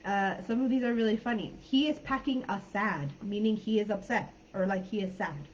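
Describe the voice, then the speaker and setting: A woman's voice: medium pitch, fairly quick, muffled recording, a little hiss or hum. An American woman from California teaching a live online English class in a chatty, informal way, with many fillers and hedges. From California, United States.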